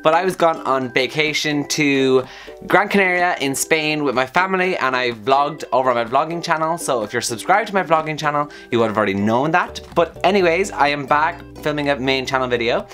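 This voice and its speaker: A young man with a sore throat chatting to camera as a book vlogger, upbeat and excitable. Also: on the high side, a little fast, faint music behind. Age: young adult. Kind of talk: casual chat to camera.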